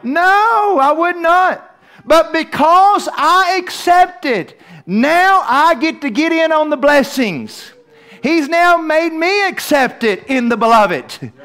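A man's voice: very high voice, animated, takes it slowly, pushed and bright. A man preaching a verse-by-verse Bible study in a church, emphatic and repetitive, not from Australia. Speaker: pastor.

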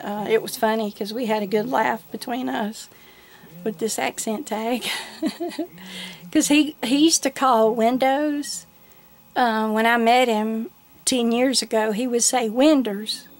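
A woman's voice: fairly high pitch, steady tone, slow pace. A woman with a Southern US accent chatting casually through an accent tag video, giggling often. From Southern United States. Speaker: vlogger.

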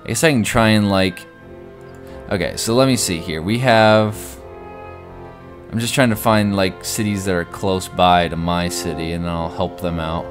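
A man with a fairly low voice chats loosely as he plays, stringing thoughts together with lots of "like". He breaks into sudden loud exclamations, with soft game music under him. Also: moderate pace. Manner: rambling, many "like"s, sudden exclamations. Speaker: gaming video host. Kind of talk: casual gameplay commentary.

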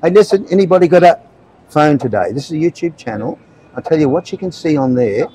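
Australian man, 70s, street preacher, earnest chatty delivery, slightly high voice, faint background hiss. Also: animated, fast talker, dark tone, poor audio. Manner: earnest, chatty, checks in often with "right?" and "okay?". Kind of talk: street evangelism to passers-by. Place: outdoors on a street.

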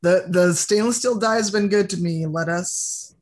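A player in a tabletop game who chats in a bubbly, excitable way. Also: medium pitch, normal speed. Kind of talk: casual chat.

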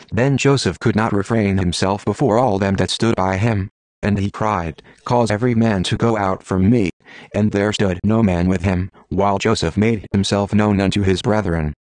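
A computer-generated male voice reading scripture aloud in steady, measured phrases, pausing at every clause. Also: fairly low pitch, no room sound. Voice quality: text-to-speech voice. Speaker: scripture reader.

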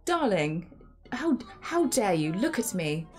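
A woman's voice: mid-range voice, big pitch swings, takes it slowly, soft background music. A woman voicing a young wife who pleads melodramatically that she never cheated, in a game. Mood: pleading.

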